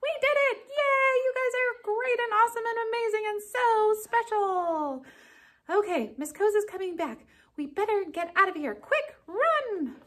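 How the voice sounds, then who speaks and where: Shy young puppet creature, played by a woman, high, lively voice for a kids' lesson. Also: unhurried. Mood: excited. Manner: timid, eager to make friends, squealing when scared.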